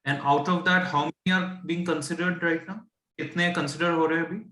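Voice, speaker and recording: A man's voice: fairly high pitch, fairly even intonation, rapid-fire, bright, forceful tone, reverberant, faint music behind. A man with an Indian English accent patiently teaching fractions, often stopping to check that his student follows. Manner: patient, asks checking questions, mixes English and Hindi. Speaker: tutor. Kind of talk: explaining fractions.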